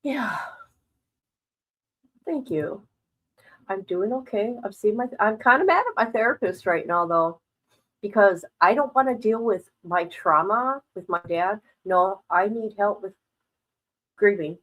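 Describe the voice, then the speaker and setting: A woman's voice: medium pitch, animated, a little slow, pauses often, fairly bright tone, low-quality recording. A middle-aged woman hosting a casual livestream, talking bluntly and frankly to her viewers and laughing often between remarks. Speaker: livestream host.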